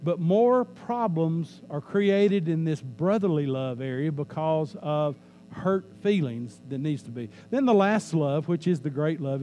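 A man's voice: a little high, warm tone, slight background noise. A man preaching a sermon in a church as pastor, talking conversationally, joking with the congregation and repeating key lines for emphasis.

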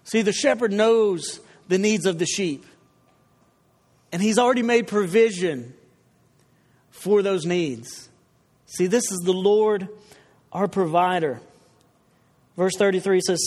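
A man's voice: sits high, unhurried, pauses often, a little mellow. A man preaching a sermon, talking conversationally and telling stories with asides to the congregation. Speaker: pastor. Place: church hall. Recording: long reverb of a large hall.

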